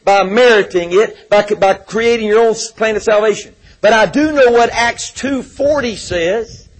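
Male preacher, high husky voice, emphatic sermon delivery with scripture readings. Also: rough recording. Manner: emphatic, repeats words, reads scripture aloud.

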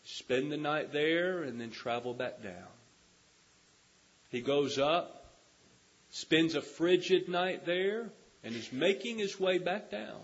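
Slow, earnest male preacher. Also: fairly high pitch, expressive, slightly rough. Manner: earnest, urgent appeals. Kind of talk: sermon with storytelling. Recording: dull lo-fi recording.

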